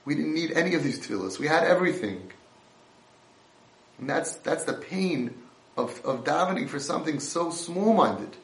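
A man giving an impassioned sermon, swinging between hushed and loud delivery. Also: a little high. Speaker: religious speaker. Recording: roomy echo.

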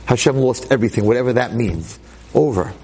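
A man giving a storytelling Torah lecture as a rabbi, dramatic and conversational, swinging from hushed lines to excited exclamations. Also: mid-range voice, brisk, breathy edge. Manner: conversational, with frequent asides.

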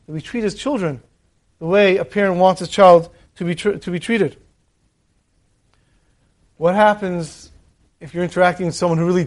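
High-voiced guy giving a sermon, lively storyteller. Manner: animated storytelling. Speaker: preacher.

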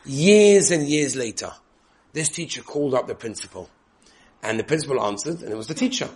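Animated male lecturer. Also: medium pitch, a little fast. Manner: animated storytelling, acting out quoted voices. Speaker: yeshiva lecturer. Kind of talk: Torah lecture to students.

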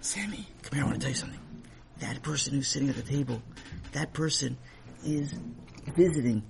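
A man doing a soft-spoken patient dad. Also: slight background noise, lightly acted. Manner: soft, low and patient, explaining slowly. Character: gentle patient father explaining to his son.

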